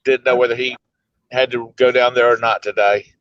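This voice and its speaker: Casual male co-host on a video call, smooth voice, rambling stories, muffled lo-fi line. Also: medium pitch, level tone, a bit bright, no echo. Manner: easygoing storyteller, rambles with "uh" pauses. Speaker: co-host of a daily live show. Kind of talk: casual chat. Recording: dull lo-fi video call audio.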